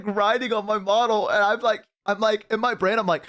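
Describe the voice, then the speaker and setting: A man streaming from a headset mic, telling his chat a story in a loose, swear-heavy way. He keeps breaking into big, loud laughs, and his voice sits a little high for a man. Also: steady tone, fairly quick. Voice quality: profane, laughs hard and loud.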